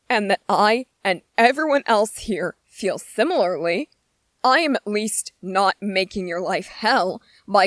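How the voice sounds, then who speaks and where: A woman's voice: mid-range voice, fairly bright tone, no room sound. A woman voicing an irritable young male soldier trainee in a whispered role-play, speaking with biting sarcasm and strained patience. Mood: exasperated.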